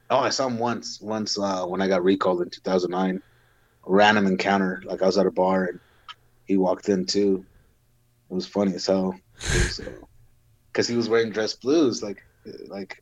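Low-voiced veteran rambling through war stories. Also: male voice, no room sound, highs cut off. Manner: rambling, heavy on fillers, laughs through his stories. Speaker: guest, Marine veteran. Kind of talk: casual storytelling in an interview.

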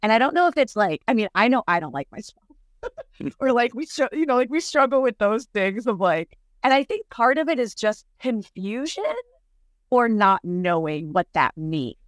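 A woman's voice: a little high, lively intonation, moderate pace, no room sound. Chatty woman improv teacher, dry sound. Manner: chatty, reflective, frequent "like" fillers. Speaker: improv teacher and podcast guest. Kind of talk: casual podcast conversation.

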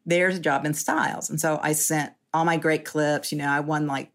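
A woman around sixty, a journalist telling her story candidly in an interview, animated and often laughing. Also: very deep voice, gravelly.

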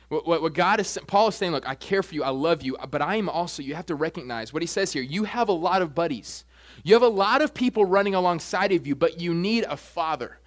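A young pastor preaches a sermon with animation, his voice jumping up high whenever he acts out quoted asides.

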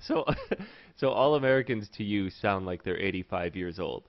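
A man's voice: fairly low pitch, animated, moderate pace, no echo. A man hosting a podcast in casual chat, teasing his guests and laughing often. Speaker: podcast host. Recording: dull lo-fi dry sound.

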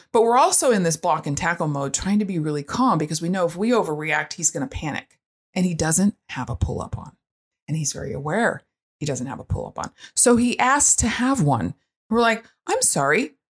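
A woman with a notably low voice tells a family story in a relaxed, chatty way. She keeps the talk loose with fillers and quick asides while staying animated. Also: slightly rough. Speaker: parent sharing experience with autism. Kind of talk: casual storytelling monologue.

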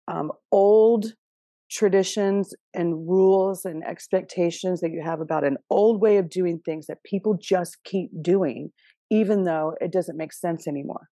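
A woman's voice: mid-range voice, mellow, dry recording, clean studio sound. A woman giving a casual astrology reading, chatty and direct, often checking in with her listeners. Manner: chatty and direct, with frequent laughs and "okay?" check-ins.

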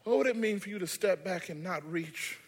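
A man preaching a sermon and telling a parable, dramatic and swinging from hushed to shouted. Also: sits high, a little fast, big-room sound. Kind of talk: sermon with storytelling.

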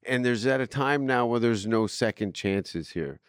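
A man's voice: medium pitch, unhurried, clear, resonant tone, no echo, studio quality. A man from Canada, a guest comedian, rambling and blunt with plenty of profanity in casual chat.

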